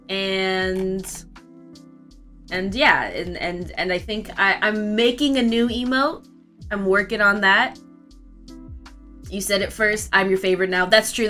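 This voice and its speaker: A young woman streamer chatting casually while she works, with a bright, clear voice at a middle pitch. She rambles and restarts often, with faint music playing behind her. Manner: rambling, with frequent restarts and fillers. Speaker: art streamer. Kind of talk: casual live stream chat.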